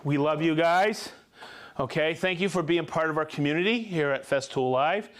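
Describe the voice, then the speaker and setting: A man hosting a live tool show in casual chat, upbeat and laughing often as he reads out viewer shout-outs. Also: a little high, normal speed.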